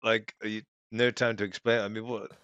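A man playing a tabletop game, joking his way through his character's lines. His voice is bright and forceful. The sound is dry and close. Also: on the low side, level tone, moderate pace, clean tone, no room sound, lo-fi sound. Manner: playful and jokey, often laughing. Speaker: player. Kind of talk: casual tabletop role-play.

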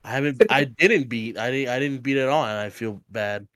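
A young man from Hawaii co-hosting a casual podcast, joking and swearing, often trailing off into low mumbles. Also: normal speed, fairly bright tone, no room sound, studio quality. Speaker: podcast co-host.

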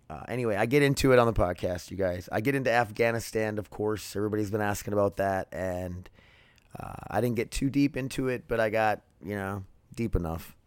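A man's voice: fairly low pitch, smooth, no room sound. A man in his thirties hosting his own podcast, talking casually and candidly, rambling with many fillers and restarts. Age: 30s. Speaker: podcast host. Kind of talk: casual solo podcast monologue.

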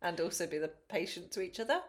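Mum podcaster, lowish voice, chatty and sweary, lots of animated quoting. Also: female voice, fast. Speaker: podcast co-host. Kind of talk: casual chat.

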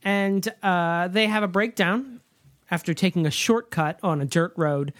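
A man's voice: sits high, a little slow, a bit bright, no room sound, clean studio sound. A man co-hosting a podcast, recapping a film in a rambling, joking way with lots of ums. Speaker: podcast co-host.

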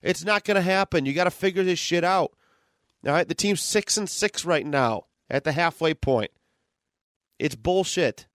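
A sports podcast co-host, a man with a fairly high voice, rants in frustration with plenty of swearing. He sounds close and dry, with no room around him. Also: lively intonation, moderate pace, a bit bright, no room sound. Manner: frustrated ranting, profane. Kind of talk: casual sports podcast chat.

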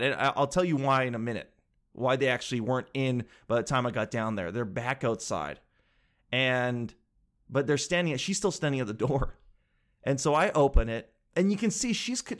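A young man telling a story in a casual, animated way, swearing freely and acting out what others said. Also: mid-range voice. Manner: animated, swears freely, acts out quoted voices.

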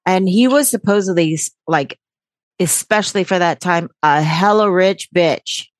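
A woman's voice: fairly low pitch, measured pace, no room sound. A woman hosting a podcast in casual chat, brash and jokey, swearing freely with sarcastic asides. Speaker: podcast host.

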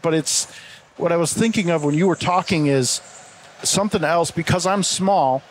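A man's voice: a little high, normal speed, a little hiss or hum. Rambling man telling work stories. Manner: rambling storyteller with frequent restarts. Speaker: landscaping business owner. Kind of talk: casual podcast chat.

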